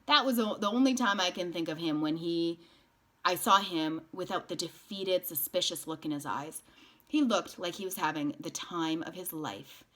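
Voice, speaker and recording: A woman's voice: lowish voice, moderate pace, fairly bright tone. Woman reading a novel aloud.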